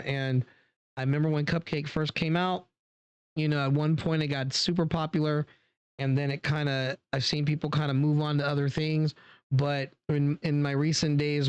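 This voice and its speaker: Casual wine-tasting host, easygoing and talkative, mid-pitched voice, close and dry sound. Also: clean tone, no room sound, lo-fi sound. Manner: chatty and relaxed, many fillers, talks straight to viewers. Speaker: wine reviewer.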